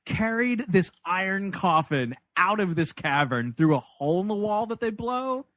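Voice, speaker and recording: A man's voice: sits high, normal speed, no echo. A man co-hosting a comedy movie review podcast, talking casually, swearing and laughing a lot. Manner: profane, excitable, laughs often. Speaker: podcast co-host.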